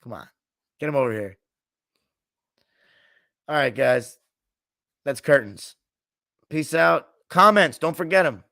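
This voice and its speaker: A man's voice: on the high side, expressive, slow, gravelly, long pauses, sharp tone, dry recording, clean studio sound. A man hosting a sports podcast, chatting loosely and joking with his live chat, swearing freely and now and then mimicking coaches. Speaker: podcast host. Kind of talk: casual sports talk, reading live chat.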